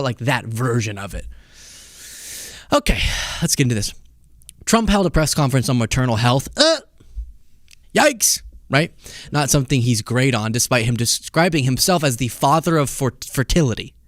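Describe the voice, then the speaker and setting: A man hosting a political commentary show, talking casually in an animated, sarcastic and jokey way. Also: medium pitch, fairly quick, no echo, clean studio sound.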